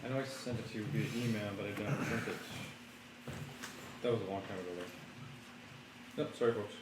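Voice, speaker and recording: A man narrating as game master of a tabletop game, explaining quickly and repeating himself. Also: fairly low pitch, steady tone. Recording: echoey room with background noise.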